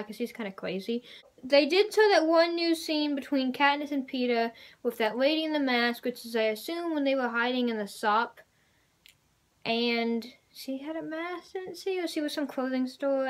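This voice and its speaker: A young woman vlogging a casual trailer reaction, rambling and excitable with lots of fillers. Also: on the high side.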